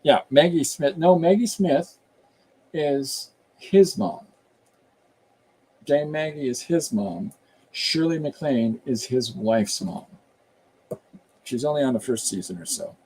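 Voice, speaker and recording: Chatty man with a mellow, husky voice. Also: medium pitch, animated, slow, pauses often. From Canada. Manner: rambling, chatty, reads viewer comments aloud. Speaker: comic artist hosting a live stream. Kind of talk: casual live-stream chat.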